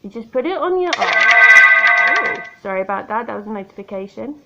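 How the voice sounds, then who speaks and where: Chatty woman, gravelly voice. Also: medium pitch, sing-song, normal speed, muffled recording, over loud music. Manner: chatty, self-mocking, talks to the viewer. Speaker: makeup vlogger. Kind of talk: chatty makeup tutorial. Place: indoor room by a window. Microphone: tablet camera.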